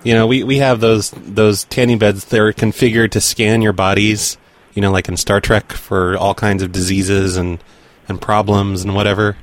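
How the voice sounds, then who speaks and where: A man with a lowish voice speaks at a moderate pace with little pitch movement and hardly any pauses. Making prank calls, he poses as someone from a corporate office in a dry, mock-official tone and talks to his listeners between them, in a prank call commentary.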